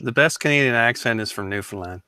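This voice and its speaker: A man's voice: mid-range voice, fast talker, sharp tone, clean tone, no echo, low-quality recording. A man in a casual group chat who teases the others with dry remarks. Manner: dry, teasing. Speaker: guest.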